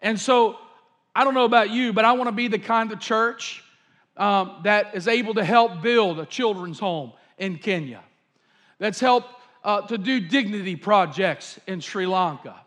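High-voiced fervent preacher man. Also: a little slow, a bit bright. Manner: fervent, repetitive preaching with fillers. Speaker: pastor. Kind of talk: sermon storytelling.

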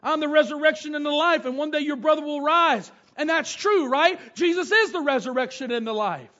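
A middle-aged pastor preaches a sermon, reading scripture aloud, retelling it and sharing stories from family life. His voice is very high-pitched and sharp, fairly quick, and the lo-fi recording sounds dull.

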